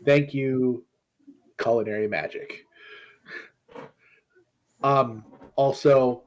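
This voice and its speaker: A man's voice: medium pitch, moderate pace. A man playing a tabletop game in character, stammering and apologizing nervously. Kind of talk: in-character role-play.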